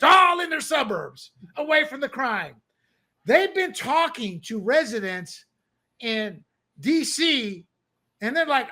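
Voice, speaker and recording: A man with a high, bright voice co-hosts a political talk show. He is opinionated and animated, and he keeps bursting into loud, mocking quoted voices. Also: slow pace. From born abroad, country once under dictators. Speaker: podcast co-host.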